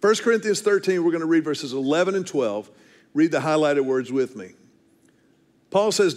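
A man in his fifties preaching a sermon, telling family stories and slowing down hard to stress key phrases. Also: a little high, animated, a little mellow. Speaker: pastor.

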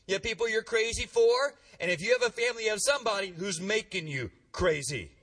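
A man preaching a sermon in a church, energetic and calling on the congregation to respond, heard from a distant mic. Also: high voice, fast. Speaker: pastor.

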